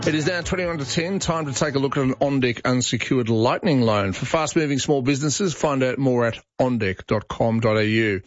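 A man's voice: mid-range voice, a little fast, few pauses, soft background music. A middle-aged Australian man hosting talkback radio, chatting and giving his opinions on listener messages. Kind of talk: casual talkback chat. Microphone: studio microphone. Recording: slightly dull broadcast audio.

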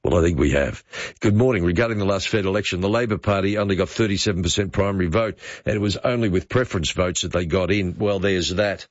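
An older man hosting talkback radio, chatty and quick to exclaim as he reads listener texts aloud. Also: sits low, dry recording. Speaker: radio host. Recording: dull dry studio sound.

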